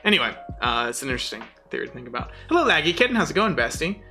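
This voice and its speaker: A man's voice: a little high, sing-song, very fast, bright, forceful tone, soft background music. A man from the southern United States with a mild southern accent, chatting casually and rambling while streaming a game and reading chat aloud.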